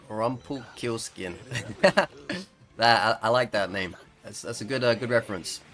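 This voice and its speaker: A man's voice: lowish voice, moderate pace, fairly bright tone. A man casually commenting on his own gameplay, joking, swearing and laughing, acting out other players' lines. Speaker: gaming streamer.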